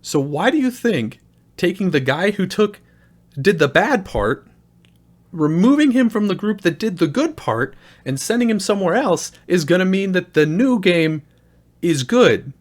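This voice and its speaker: A man's voice: sits high, very animated, unhurried. A young man hosting a gaming video, giving a sarcastic, profane, exasperated rant review. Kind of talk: ranting game review.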